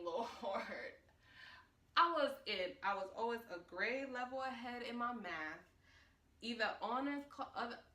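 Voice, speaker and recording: A young woman from Florida telling a story to camera in a casual, animated, slangy way. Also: mid-range voice, recorded from a distance. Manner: animated, dramatic, slangy retelling. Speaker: vlogger. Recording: echoey room, voice a bit off-mic.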